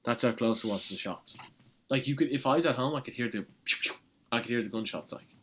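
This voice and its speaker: A young Irish man casually telling a story as an interview guest, animated and swearing freely, with lots of fillers. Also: medium pitch, fast. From Ireland. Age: young adult. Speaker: college tennis player, guest.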